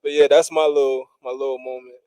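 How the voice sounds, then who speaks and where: A man co-hosting a podcast, telling a story in a relaxed, wry way and laughing at his own tale. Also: mid-range voice, fast talker, smooth, no room sound, rough recording. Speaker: podcast co-host. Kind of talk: casual storytelling chat. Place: small studio room.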